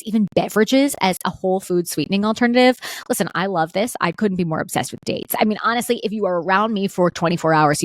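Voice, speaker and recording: A woman's voice: lowish voice, no room sound, clean studio sound. A woman hosting her own podcast as a dietitian, talking through food trends in a chatty, opinionated way with playful asides. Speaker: podcast host and registered dietitian. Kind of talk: solo podcast commentary.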